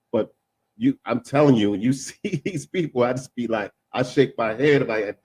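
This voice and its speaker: A man talking casually in a discussion, emphatic and repeating himself, with quick asides. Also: lowish voice, a little mellow, slightly rough, no echo.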